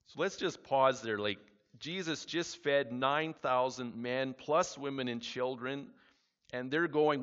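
A man preaching a sermon, reading scripture aloud and then explaining it in a relaxed, conversational way. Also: mid-range voice, takes it slowly, clean tone. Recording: reverberant hall, dull lo-fi sound.

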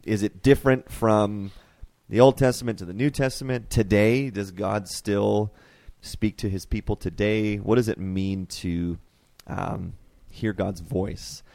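A man hosting a casual faith podcast, animated and rambling, laughing often. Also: fairly low pitch, unhurried, gravelly, dry recording. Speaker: podcast host.

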